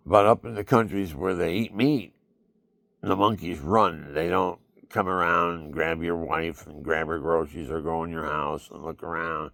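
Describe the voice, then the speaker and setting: A man with a low, gravelly voice rambles through a loose monologue, circling back and repeating himself. The sound is dry and close, with no room around it. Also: fairly even intonation, normal speed, fairly bright tone, no room sound. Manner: rambling, repetitive, acts out quoted voices.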